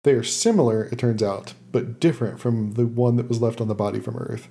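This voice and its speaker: A man with a mellow, darker voice talks through an episode recap in relaxed podcast chat. He leans on fillers like "uh" and laughs easily as he goes. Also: medium pitch, brisk, vocal fry. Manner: recaps plot loosely with many fillers and laughs. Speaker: podcast host summarizing an episode.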